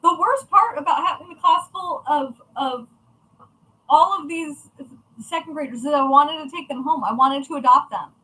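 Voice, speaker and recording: A woman's voice: high voice, normal speed, sharp tone, rough recording. A young adult woman chatting casually to viewers, blunt and chatty with frequent swearing. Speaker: crafting channel host.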